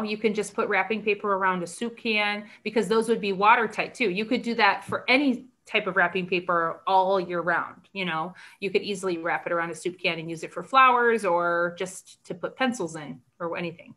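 A woman's voice: medium pitch, steady tone, fairly quick, few pauses, bright, forceful tone. A middle-aged woman presenting a live craft workshop in a chatty, upbeat way, laughing often. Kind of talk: casual live craft demonstration.

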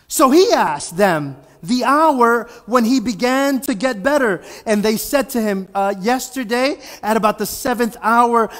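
A man's voice: very high voice, fairly bright tone, long reverb tail. A man preaching a sermon as pastor, talking conversationally and pressing his points with rhetorical questions. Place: church sanctuary.

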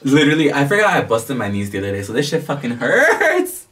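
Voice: mid-range voice, wildly swooping pitch, a little fast, fairly bright tone, distant mic. A vlogger reacting to a drama episode in casual, emotional, profane commentary. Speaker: video reactor.

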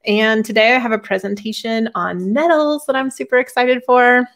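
Woman guest on a livestream, fairly high voice with a lot of vocal fry, easygoing and friendly. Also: fairly even intonation, moderate pace, a bit bright. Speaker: herbalist guest. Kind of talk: casual conversation.

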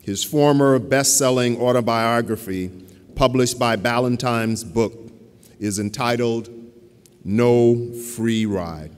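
Man, ceremony announcer, very slow, smooth resonant voice, long hall reverb. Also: medium pitch. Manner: measured, ceremonial. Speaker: ceremony announcer introducing the speaker. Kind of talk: formal introduction.

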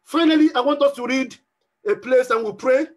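A man's voice: very high voice, a little fast. A man preaching a sermon as pastor, repeating phrases for emphasis and acting out pleading prayers.

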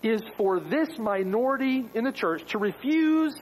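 A man's voice: very high-pitched, animated, a little slow, poor audio. A man preaching a sermon as pastor, emphatic, with rhetorical questions.

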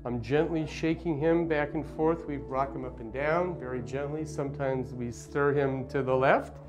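A middle-aged male pediatrician gently explaining and demonstrating a baby-calming hold to parents. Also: medium pitch, moderate pace. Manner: gentle, reassuring, plain explaining. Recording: faint music behind.

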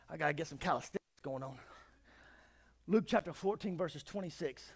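A man preaching a sermon as pastor, swinging from shouts to quiet talk. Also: fairly high pitch, moderate pace, husky. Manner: preaching, often shouting and then dropping quiet. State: out of breath.

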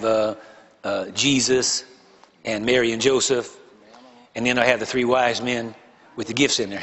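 A man's voice: mid-range voice, fairly bright tone, big-room sound. A male pastor preaching a sermon to a congregation. He teases and jokes with them, leans hard on key words and repeats phrases for emphasis. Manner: joking, teasing the congregation between emphatic points. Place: church sanctuary before a congregation.

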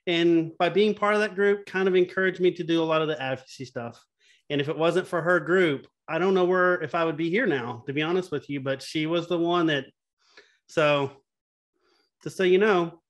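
A man's voice: a little high, moderate pace. A middle-aged man speaking earnestly and openly about his feelings as a panelist in a candid video-call panel conversation. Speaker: patient advocate panelist.

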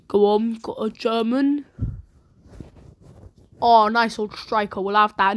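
Excitable woman. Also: on the high side, slow pace, long pauses. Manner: chatty and excitable, with sudden shrieks. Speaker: channel host. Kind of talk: casual pack-opening commentary.

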